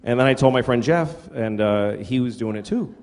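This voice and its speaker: This middle-aged stand-up comic has a mid-range, slightly mellow voice and a moderate pace. On a comedy venue stage he tells crude, self-deprecating tales and acts out quotes, while laughter and crowd noise ring through the reverberant hall.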